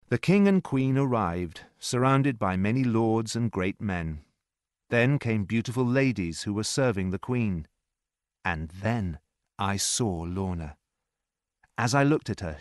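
A man narrating a story in a slow, clear reading voice. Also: on the low side, no room sound, clean studio sound. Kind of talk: scripted narration.

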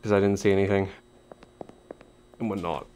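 Swearing freely and chatting to the characters as he plays, a fairly low-voiced male gaming YouTuber gives a loose, jokey let's-play commentary. His tone is steady and darkish, his pace moderate, with a little hiss or hum in the audio.

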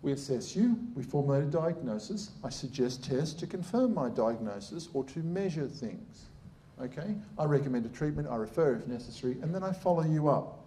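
Blunt man with a mellow voice. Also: fairly high pitch, expressive, brisk, slight background noise. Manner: blunt, sarcastic, irreverent. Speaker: surgeon giving a public talk. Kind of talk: lively public talk.

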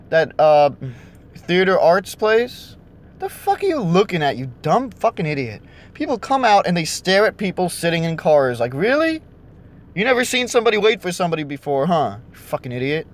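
A man's voice: high-pitched, sing-song, normal speed. A young man ranting and cursing nonstop while driving around and vlogging. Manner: angry, cursing constantly. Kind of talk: casual rant while driving. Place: in a car.

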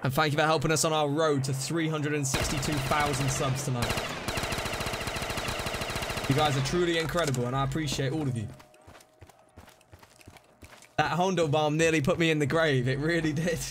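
A man streaming a zombie game live, reacting excitably, scolding himself and thanking donors. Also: fairly high pitch, a little fast, very noisy. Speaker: livestreamer. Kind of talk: live gameplay commentary. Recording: music playing behind voice. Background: game music and gunfire.

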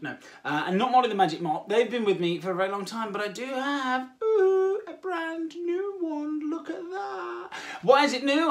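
A host of a children's activity show, hamming it up with silly, theatrical asides. Talks straight to the children watching and coaxes them to shout back. Medium pitch throughout. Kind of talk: playful kids' show presenting. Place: home, garden.

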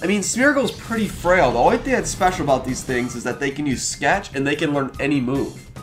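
In a slightly high voice with lively intonation, a young man runs a let's play, commenting on the game as it unfolds. He addresses the characters on screen with quick exclamations while faint music plays behind him.

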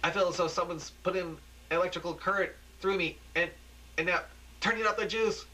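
A man's voice: sits high, a little fast, bright, forceful tone, pitched above the performer's own voice, low-quality recording. Terry, a man doing a nervous rooftop reporter. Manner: hesitant, stammering.

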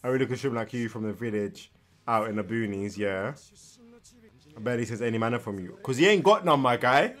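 A man's voice: mid-range voice, a little fast. Tired, chatty man reacting. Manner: animated, chatty, slangy asides, repeats himself. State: tired, yawning. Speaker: anime reaction host. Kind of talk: casual reaction commentary. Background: faint anime soundtrack.

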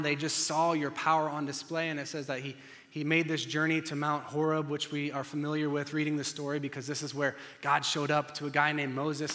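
A male pastor retells a scripture story from the pulpit, dropping to a hush and then building back up. His voice is slightly high and bright. The long reverb of a church sanctuary carries behind him. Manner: dramatic storytelling, swings from loud to hushed. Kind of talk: sermon.

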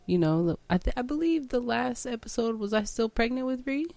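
A young woman from Washington State, a podcast guest telling stories in an animated, frank way during a casual chat. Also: fairly high pitch, fairly quick, creaky, no echo. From Washington State, USA.

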